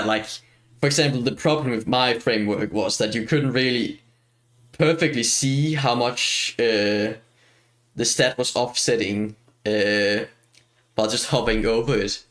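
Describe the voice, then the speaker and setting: A man's voice: mid-range voice, a bit bright. A man streaming a video game, chatting casually as he plays, rambling and self-mocking and laughing often. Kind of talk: casual gameplay chat.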